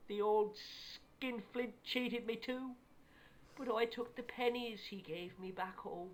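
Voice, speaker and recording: A woman's voice: fairly high pitch, steady tone, measured pace, a little hiss or hum, close to an everyday voice. A woman voicing a scrappy Irish runaway boy in a video game, defiant and full of tall tales. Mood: pleading tale. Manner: defiant, tall-tale spinning.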